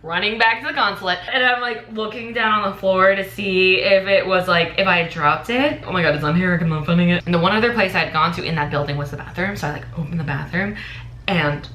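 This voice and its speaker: A young American woman in her twenties vlogging, telling a story with animated, dramatic energy. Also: mid-range voice, fast, hardly any pauses, a little hiss or hum. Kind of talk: casual storytime vlog. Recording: echoey room.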